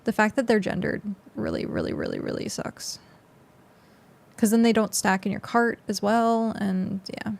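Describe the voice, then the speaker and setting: Young woman, game streamer, loose rambling chat, slight vocal fry. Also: medium pitch, fairly even intonation, normal speed, few pauses. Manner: chatty, rambling, lots of fillers. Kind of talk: casual gameplay commentary.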